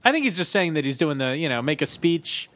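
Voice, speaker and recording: Chatty, higher-voiced male podcast host. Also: a little fast, no echo. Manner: chatty, animated, jokey. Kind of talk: casual podcast chat, reading listener emails.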